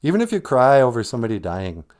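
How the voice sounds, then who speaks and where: A man's voice: mid-range voice, huge pitch swings, fast talker, a little mellow. A man hosting a livestream, giving humorous casual advice and laughing between lines. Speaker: livestream host and language teacher.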